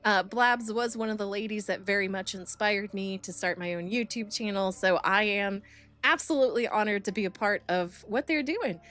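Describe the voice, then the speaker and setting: A young woman streamer chatting casually with her viewers, bubbly and excitable, openly nervous and thrilled. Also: normal speed. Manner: bubbly, excitable, swings high on greetings. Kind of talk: casual live-stream chat, greeting chat.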